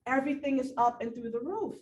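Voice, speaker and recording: A woman teaching a nursing class, lecturing her students with animated, repetitive emphasis and a little out of breath. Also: high-pitched, fast, recorded from a distance. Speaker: nursing instructor. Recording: echoey room, voice from afar, faint background noise.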